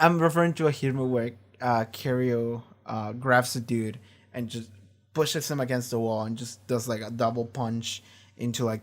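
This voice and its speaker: Male streamer, mid-pitched, animated and profane, rambling casual reaction talk at home.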